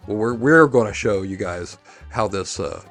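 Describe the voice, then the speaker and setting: A man's voice: lowish voice, animated, normal speed, soft background music. A man with an Appalachian accent hosting a casual, unscripted outdoor-gear demonstration in an easygoing, good-natured way. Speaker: host, woodsman.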